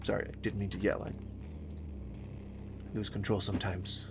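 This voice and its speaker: A man giving casual let's-play commentary, goofy and rambling, with sing-song wordplay and sudden mock yelling. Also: fairly low pitch, level tone, moderate pace, gravelly, background noise. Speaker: gaming streamer.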